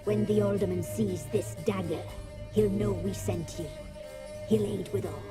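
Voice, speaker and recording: A woman's voice: mid-range voice, steady tone, a little slow, close to an everyday voice. An actress voicing an ancient, sinister witch crone in a video game, speaking in an ominous, portentous way. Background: game music.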